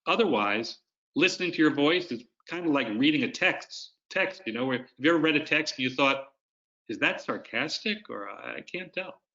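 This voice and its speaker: A man's voice: fairly high pitch, expressive, fairly quick, bright, forceful tone. A man presenting an online webinar, coaching his audience and explaining ideas through demonstrations over a video call. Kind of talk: instructional webinar talk. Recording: dull lo-fi video-call audio.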